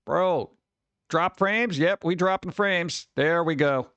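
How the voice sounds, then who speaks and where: A man with a slightly high voice hosts a loose livestream chat, rambling and grumbling as he talks to viewers. His mic is close and dry, with little room sound around it. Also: slow, a bit bright, dry recording. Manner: rambling, exclaims and grumbles at tech trouble. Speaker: livestream host. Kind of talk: casual live-stream chat.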